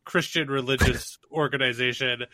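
A man's voice: medium pitch, steady tone, normal speed, pushed and bright, no room sound. A man co-hosting a podcast, riffing in casual comedic chat, swearing and laughing often. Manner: profane, riffing, laughs often, mock voices. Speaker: podcast co-host.

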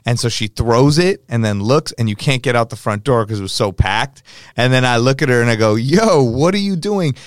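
A man's voice: medium pitch, a little fast, clean tone, no echo, studio quality. A man, a DJ, telling stories in casual podcast chat, acting out quotes from people and swearing casually.

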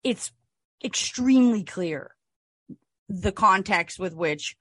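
A young adult woman co-hosting a podcast in casual chat, laid-back and sarcastic, quick to laugh. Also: medium pitch, lively intonation, a bit bright, no room sound. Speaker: podcast co-host.

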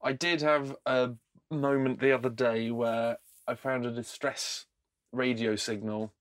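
A man with a mid-range voice trades dry, deadpan quips in casual podcast chat. He sits close to the microphone in a dead, echo-free space. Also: mid-range voice, measured pace. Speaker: podcast co-host.

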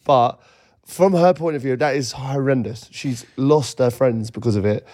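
A man's voice: medium pitch, moderate pace, no room sound, clean studio sound. A young man co-hosting a podcast, teasing and joking in casual banter. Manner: teasing, joking, deadpan wind-ups. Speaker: podcast co-host.

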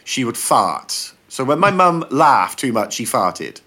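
Man, podcast guest, animated joke teller, voice swings high and low. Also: slow pace. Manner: animated storyteller acting out joke characters. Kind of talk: casual chat.

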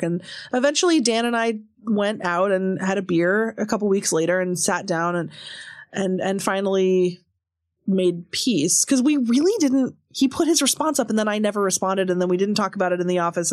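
A woman guest in an interview telling a candid story in an animated way, laughing often between quick asides. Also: mid-range voice, no echo, clean studio sound. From Seattle area.

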